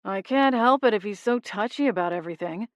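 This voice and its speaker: A woman's voice: medium pitch, a little fast, dry recording, close to an everyday voice. A woman voicing a mischievous male ghost cat with a mocking, sarcastic manner. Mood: sulky. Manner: mocking, does a haughty accent impression.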